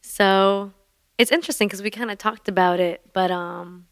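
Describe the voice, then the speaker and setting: A woman poet reciting a spoken word poem in a slow, measured way. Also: medium pitch, steady tone, no echo, studio quality. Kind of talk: spoken word poetry over an instrumental. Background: guitar instrumental.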